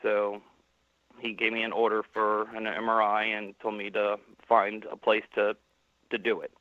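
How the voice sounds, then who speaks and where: A caller on a call-in stream plainly tells a personal story over a tinny phone line, quoting people he met along the way. His voice is lowish and monotone, his pace measured, with no room sound.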